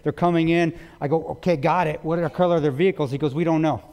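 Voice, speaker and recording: A man's voice: a little high, steady tone, fast talker, a little mellow, smooth. A man giving a public talk, retelling a story intensely with quoted dialogue. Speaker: guest speaker. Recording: long reverb of a large hall.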